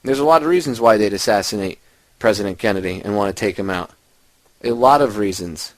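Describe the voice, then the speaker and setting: Emphatic low-voiced male talk host. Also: brisk, no room sound, poor audio. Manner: emphatic, ranting, addressing listeners directly. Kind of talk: radio show monologue.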